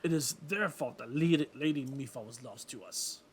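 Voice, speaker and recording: A man voicing a stern, elderly male fish-folk advisor, croaky and scolding. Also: mid-range voice, moderate pace, slight background noise, close to an everyday voice, low-quality recording. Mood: indignant. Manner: indignant, scolding.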